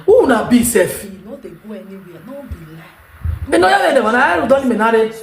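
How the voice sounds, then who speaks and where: A woman's voice: sits high, very animated, moderate pace, vocal fry. A Nigerian woman talking straight to her viewers, emphatic and rambling, repeating her points. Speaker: vlogger. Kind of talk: unscripted monologue to viewers. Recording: echoey room.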